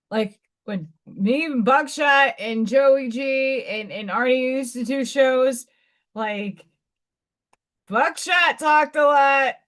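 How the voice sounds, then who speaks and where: New york lady hosting a live stream, slow rambly chat, keeps restarting, kinda high voice. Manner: rambling, loose chat with many restarts and fillers. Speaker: livestream host.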